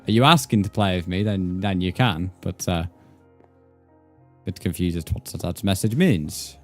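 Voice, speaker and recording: Young English male streamer, low-pitched and jokey, swearing casually while gaming, faint music underneath. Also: normal speed. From England. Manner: chatty, joking, swears freely, reads chat aloud.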